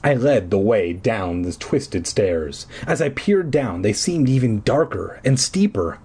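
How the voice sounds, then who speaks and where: A man's voice: on the low side, sing-song, unhurried, darkish tone, breathy edge. A man casually reading a children's scary book aloud, breaking off for crude jokey asides.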